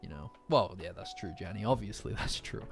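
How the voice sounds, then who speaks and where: A man's voice: lowish voice, expressive, a little fast, creaky, music in the background. A man streaming a casual chat, rambling and joking at his own expense. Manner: rambling, self-mocking, joking.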